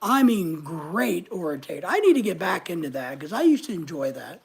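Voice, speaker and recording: A man with a husky voice hosts a casual live stream. He rambles in a loose, chatty way and tosses in jokey asides. He greets viewers by name as he reads out their comments. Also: high-pitched, big pitch swings, a little fast. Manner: talks straight to viewers by name. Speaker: livestream host reading viewer comments.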